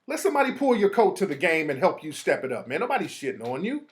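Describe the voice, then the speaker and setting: A man hosting his own show talks in a loose, streetwise monologue full of slang, his rather high voice swinging animatedly up and down. Along the way he drops into quick impressions of other people.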